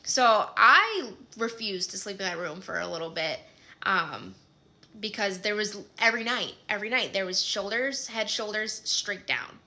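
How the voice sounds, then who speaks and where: A woman's voice: mid-range voice, moderate pace, pushed and bright. A woman in her thirties with a Midwestern American accent, casually telling a personal story with lots of "like" and "um". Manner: chatty, many fillers like "like" and "um".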